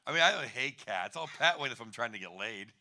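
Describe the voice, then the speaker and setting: A man's voice: medium pitch, animated, quick pace, creaky, sharp tone, a little hiss or hum. A man in his fifties doing a stand-up comedy set on a bar stage, wry and rambling, chuckling at his own jokes.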